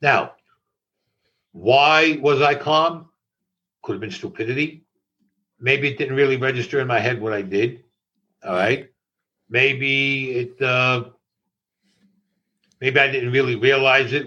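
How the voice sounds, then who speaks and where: An older man recounts his past in a flat, matter-of-fact way. His voice sits at a mid pitch. The audio is dull and lo-fi. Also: measured pace, long pauses. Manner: matter-of-fact, acts out others' lines. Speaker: interview guest. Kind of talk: recounting a personal story.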